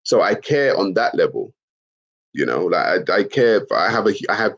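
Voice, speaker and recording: A man's voice: on the low side, very animated, moderate pace, a bit bright. Laid-back man on a stream. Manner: laid-back, slangy, swears, laughs at comments. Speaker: livestream host. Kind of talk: casual livestream chat reading comments. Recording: dull lo-fi stream audio.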